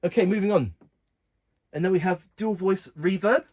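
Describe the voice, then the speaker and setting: A man casually walking through keyboard functions in a relaxed, plain way, talking while he presses buttons. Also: high-pitched, normal speed. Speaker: keyboard tutorial host. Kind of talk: casual instructional walkthrough.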